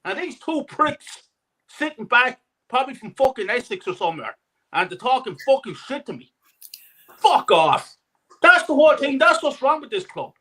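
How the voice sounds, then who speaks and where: A man's voice: extremely high pitch, very animated, brisk, pushed and bright. A man who has travelled from Ireland, calling in with an angry, sweary rant about a match. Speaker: caller. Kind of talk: ranting fan anecdote.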